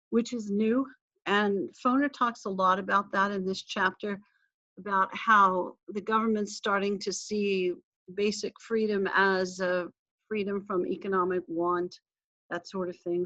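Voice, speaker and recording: A woman history instructor gives a casual recorded class lecture in lo-fi sound. Her medium-pitched voice is chatty, and she interrupts herself and thinks aloud while clicking through files.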